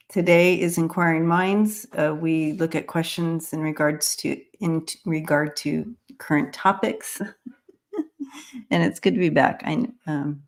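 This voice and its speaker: A woman hosting a live stream, greeting viewers by name and talking casually with many fillers and restarts. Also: low voice. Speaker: host of a live-stream psychic reading show.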